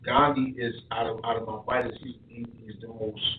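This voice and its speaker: A man's voice: medium pitch, fairly quick, noisy background. Man telling stories, echoey and tinny. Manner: animated storyteller, repeats words. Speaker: boxing coach. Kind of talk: casual podcast chat. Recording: echoey room, tinny lo-fi sound from far.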